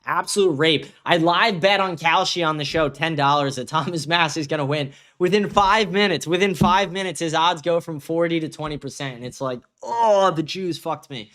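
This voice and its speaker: A young man hosts his own livestream and reads viewer comments out loud. His voice sits a little high for a man. He answers the chat in a heated, profane rant. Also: a little fast, few pauses. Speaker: host.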